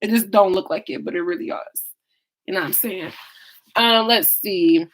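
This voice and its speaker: A woman's voice: mid-range voice, moderate pace. Chatty young woman on a livestream. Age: young adult. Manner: chatty and expressive, reacting loudly to comments. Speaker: YouTube live streamer. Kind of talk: casual livestream chat reading comments.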